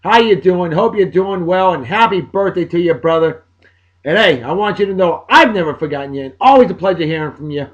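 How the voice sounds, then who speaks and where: Exuberant New man, lively pitch. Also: brisk, muffled recording. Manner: exuberant, folksy catchphrases. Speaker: podcast host giving birthday shout-outs. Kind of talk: casual chat.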